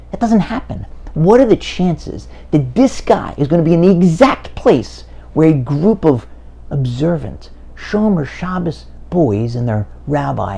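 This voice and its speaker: A man's voice: a little high, gravelly, mellow. A man giving an inspirational speech, telling a story with dramatic emphasis and acting out the people in it. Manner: dramatic storytelling, voice rising when quoting. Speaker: speaker.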